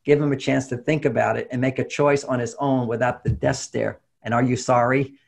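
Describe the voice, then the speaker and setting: Brief: male interview guest, gravelly and a little husky, animated advice-giver. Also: medium pitch, fairly quick. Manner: animated, acts out quoted voices, laughs often. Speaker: relationship author and guest. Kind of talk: conversational interview talk.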